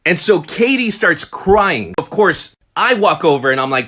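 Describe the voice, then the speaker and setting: A man in his forties, a father telling a comic story about his daughters with lively, acted-out voices. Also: high-pitched, unhurried. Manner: animated, acts out his kids' voices.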